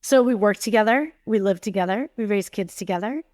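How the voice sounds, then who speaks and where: Her voice is medium in pitch with a darkish tone, and she speaks fairly quickly. She's a tech CEO in her forties telling candid stories on a podcast, emphatic and acting out the dialogue. The studio-quality recording has no room sound.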